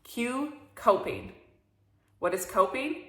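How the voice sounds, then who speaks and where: A woman's voice: on the high side, lively intonation, takes it slowly, fairly bright tone, roomy sound. A woman coaching listeners in a motivational talk, emphatic and preachy, with free swearing. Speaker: spiritual coach.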